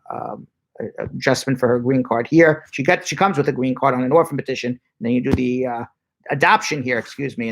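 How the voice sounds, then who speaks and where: A man who is an immigration lawyer, hosting a live-stream Q&A and reading viewer questions aloud in a brisk, chatty way. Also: a little high, a bit bright. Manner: brisk and chatty, spells out phone numbers slowly.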